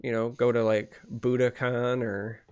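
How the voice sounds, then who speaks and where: A man co-hosting a casual podcast, rambling and animated. He restarts his sentences often and builds up energy as he tells a story, at an ordinary middle pitch. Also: measured pace, smooth, lo-fi sound. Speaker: podcast co-host. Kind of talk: casual chat.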